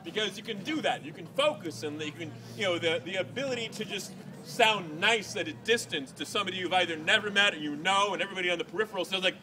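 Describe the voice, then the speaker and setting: A man telling a rambling personal story to a live audience, acting out quotes and yelling. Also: high voice, quick pace, background noise. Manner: rambling, animated, acts out quotes and yells.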